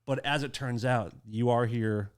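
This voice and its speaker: A man co-hosting a podcast, teasing and excitable in casual chat, swearing freely. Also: medium pitch, a little slow, clean tone. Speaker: podcast co-host.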